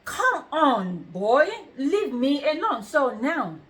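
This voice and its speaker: A middle-aged woman hosting a casual chat, telling a story in a lively way, quoting people and throwing in exclamations. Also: high voice, slow.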